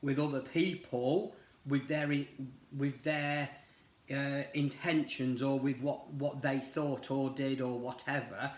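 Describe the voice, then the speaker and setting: A man's voice: mid-range voice, steady tone, slow. A middle-aged man chats his way through a tarot reading. He rambles, with lots of fillers and restarts. His voice has a roomy echo around it. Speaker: tarot reader. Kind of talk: casual chat while reading cards.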